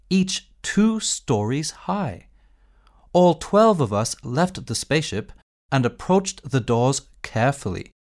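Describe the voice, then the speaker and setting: A male narrator on textbook audio reads slowly and clearly. His pitch moves in a lively way from line to line. The delivery is scripted narration for language learners.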